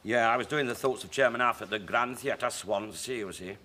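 A middle-aged English man, a comic actor and chat show guest, telling stage stories with animated character voices. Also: mid-range voice, brisk. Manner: lively raconteur slipping into character voices. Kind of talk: anecdotal chat show storytelling.

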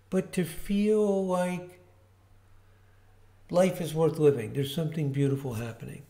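Slow-speaking man teaching calmly. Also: on the high side. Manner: relaxed, unhurried explaining with fillers and repeats. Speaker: astrology teacher. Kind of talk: informal video lesson.

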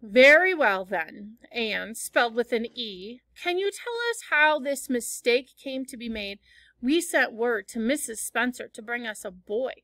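A woman reading aloud as a stern older woman who briskly demands answers. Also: a little high, lively intonation, bright, forceful tone, no room sound, heavily acted.

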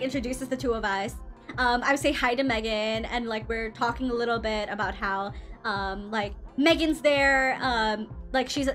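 A woman's voice: on the high side, fairly bright tone. A woman VTuber from the Philippines telling a rambling, swearing story with lots of fillers and self-corrections. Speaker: VTuber streamer. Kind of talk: casual storytelling.

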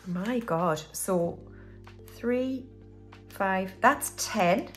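A British woman hosts a budgeting video, speaking at a medium pitch and very slowly over faint music. She chats casually while counting cash aloud and talking herself through each step of her cash-stuffing routine.

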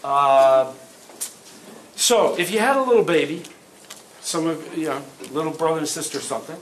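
Middle-aged man teaching in an echoey hall. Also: a little high. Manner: plain, practical, asks the class quick questions. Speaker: self-defense instructor. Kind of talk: workshop teaching. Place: event hall. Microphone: distant room mic. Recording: echoey hall from far off, faint noise.

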